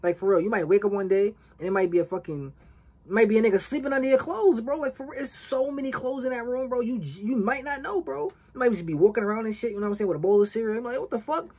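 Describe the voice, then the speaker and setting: A woman's voice: on the high side, lively intonation, fast, dark tone, slightly rough. A woman hosting a reaction video, giving casual, profane commentary full of street slang and acting out imagined back-and-forth dialogue.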